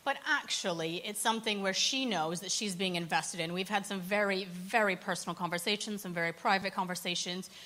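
A woman working in church poverty support, telling stories in an earnest, animated way during a panel conversation. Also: medium pitch, brisk, few pauses.

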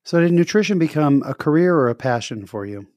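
A man's voice: fairly high pitch, expressive, a little fast, darkish tone, no echo, clean studio sound. A man hosting a casual interview, chatty and repetitive, who acts out the people in his own stories. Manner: chatty, repeats words, acts out voices in anecdotes. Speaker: interview host.

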